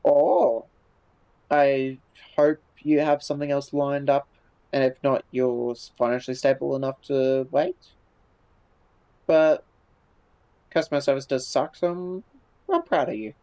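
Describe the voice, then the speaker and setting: A laid-back man chats on a live stream, answering viewer messages as they arrive. At an ordinary middle pitch, he speaks at a measured pace with fairly even intonation, a mellow feel, and frequent pauses, swearing casually and restarting sentences. The recording is low quality.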